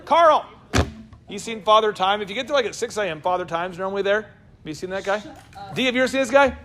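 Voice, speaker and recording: High-pitched animated man talking to a room. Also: background noise. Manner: animated, jokey, quick asides to the room. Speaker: business coach and show host. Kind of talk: lively talk to a live room.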